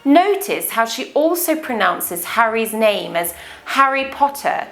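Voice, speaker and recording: Slow, lively British woman teaching. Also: fairly high pitch, soft background music. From Britain. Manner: careful, deliberate explaining. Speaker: English teacher. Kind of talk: accent lesson explanation.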